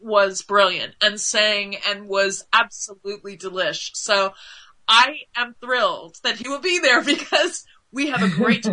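A woman guest in a casual interview, chatty and animated, with lots of fillers and quick asides. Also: medium pitch, rough recording.

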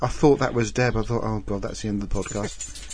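Male podcast co-host, low husky voice, dry deadpan letter reading. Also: fairly quick. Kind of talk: casual podcast chat.

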